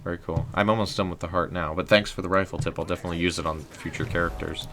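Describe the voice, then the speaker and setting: A young man hosting a casual game livestream, rambling in a relaxed way with lots of "um" and "like". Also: low voice, fast, a little hiss or hum. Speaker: livestream host.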